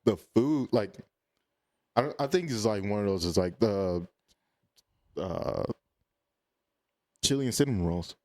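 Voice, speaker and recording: A man guest on a podcast, chatting casually and telling animated stories that often quote his own reactions. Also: lowish voice, unhurried, long pauses. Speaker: podcast guest, content creator. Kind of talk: casual chat.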